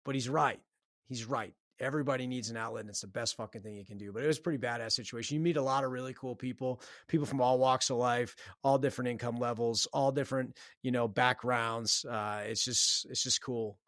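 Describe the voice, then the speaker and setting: A man's voice: medium pitch, steady tone, brisk, fairly bright tone, no echo, clean studio sound. A man hosting a solo podcast, giving a blunt, profane, fired-up pep talk. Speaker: podcast host. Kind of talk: solo motivational podcast monologue.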